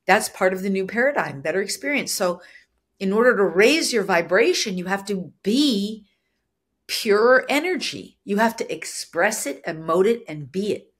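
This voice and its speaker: A woman teaching in a solo podcast, earnest and explanatory, with a husky voice that is soft yet firm, now and then acting out short quoted lines. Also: medium pitch, expressive, normal speed. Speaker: spiritual business coach.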